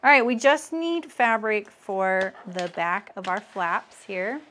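A woman in her thirties hosting a relaxed sewing livestream. She chats easily with her viewers, answers their comments and laughs at her own jokes, her voice sitting at an ordinary middle pitch. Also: slow pace. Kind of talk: casual livestream chat while sewing.

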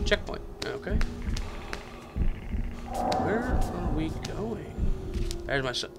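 A man with a slightly high voice talks slowly and loosely through a video game, joking with the characters and making silly sound effects. Game music plays loudly beneath him throughout the recording. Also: expressive, rough recording. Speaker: let's play host. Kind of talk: casual gameplay commentary. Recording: game music playing under the voice.

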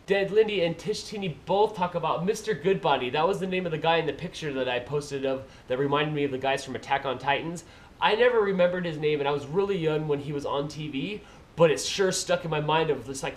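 A man's voice: a little high, a little hiss or hum. A man vlogger who reads viewer comments aloud and answers them in a casual, playful way. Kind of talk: casual chat.

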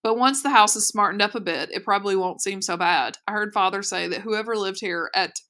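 A woman's voice: mid-range voice, fairly quick, bright, forceful tone, close to an everyday voice. A woman voicing a bossy twelve-year-old girl who talks with a haughty, scolding air. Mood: knowing.

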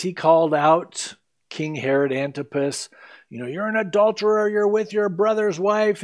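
A middle-aged male pastor delivers an earnest, conversational sermon, teaching verse by verse and giving quoted lines emphatically. His voice is fairly high and a little mellow.

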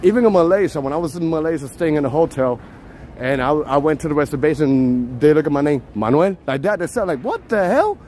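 A man's voice: a little high, quick pace, dark tone, slight background noise. A man from Puerto Rico joking and chatting casually while he walks and films a city street. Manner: joking, chatty, laughs a lot. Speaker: vlogger. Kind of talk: casual walking vlog.

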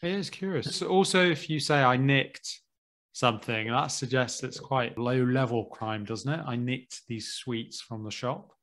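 A man's voice: medium pitch, measured pace, fairly bright tone. A British man hosting a podcast, chatting in an easygoing way and often ending with tag questions. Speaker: podcast host. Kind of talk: casual chat.

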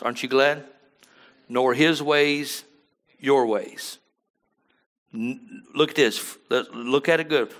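A male pastor delivering a sermon in a bright, forceful voice of middle pitch. He sinks into low, soft asides, then lifts into loud, stretched-out emphasis on scripture, and keeps checking in with the congregation for agreement. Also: normal speed, pauses often. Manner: swings from low murmurs to loud emphatic bursts.

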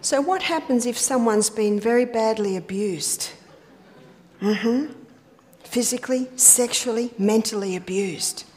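A woman with a fairly high, slightly mellow voice speaks unhurriedly as she gives a sermon-style health lecture at a church. She tells stories and poses rhetorical questions to the audience, sometimes dropping to a whisper on key points.

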